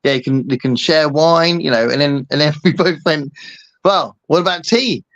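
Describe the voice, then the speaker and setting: Guy hosting a chat, jokey and rambly, kinda high voice, dry close mic. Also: normal speed, no echo. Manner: rambling, joking, lots of fillers. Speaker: host. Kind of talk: casual chat.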